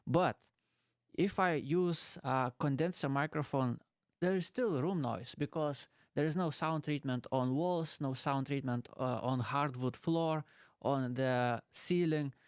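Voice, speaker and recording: Man with halting non-native English. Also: medium pitch, smooth, no room sound, studio quality. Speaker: YouTuber. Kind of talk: casual explainer vlog. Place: small bedroom with pillows piled around. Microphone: close dynamic studio mic.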